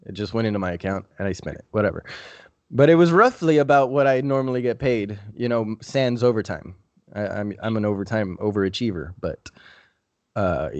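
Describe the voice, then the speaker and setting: A man's voice: fairly low pitch, a little mellow, no room sound, muffled recording. A young man telling a long story on a podcast in a casual, rambling way, swearing often. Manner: profane, rambling, laid-back. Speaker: podcast host.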